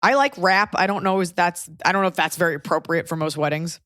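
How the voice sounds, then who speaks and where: This comedian and podcast host, a woman in her thirties, has a low-leaning voice with a fairly bright tone and a fast delivery. Her casual show is clean studio audio without echo, full of meandering, wry anecdotes told with affected character voices.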